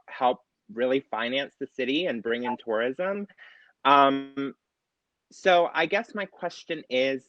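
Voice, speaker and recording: A man, a drag performer, asking a candidate an earnest question, halting with many fillers and close to tears. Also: mid-range voice, no room sound, dull audio.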